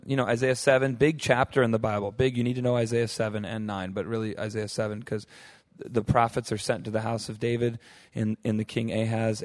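A young man gives a casual Bible lesson to a group. He talks loosely, full of "like" and "right?", and slips into quick acted voices for the people in the stories. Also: mid-range voice. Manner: animated, acts out quotes with voices; fillers like "like" and "right?". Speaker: bible teacher.

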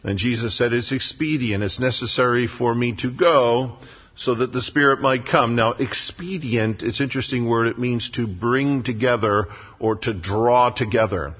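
A man's voice: medium pitch, breathy edge. A man preaching a sermon as pastor in a church sanctuary, with emphatic repetition. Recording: lo-fi sound with long hall reverb.

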